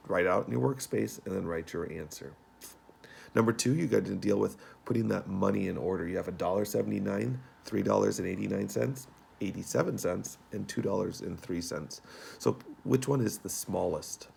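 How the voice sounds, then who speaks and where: A man as a teacher, walking young students through homework in a relaxed, folksy way with many fillers. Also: lowish voice, moderate pace, gravelly, slight background noise. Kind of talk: remote homework walkthrough.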